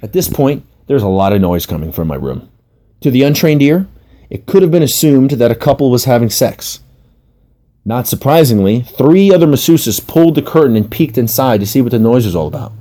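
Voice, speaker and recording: A man's voice: mid-range voice, big pitch swings, fairly quick, mellow. A man narrating a comic personal story in a wry, self-mocking way.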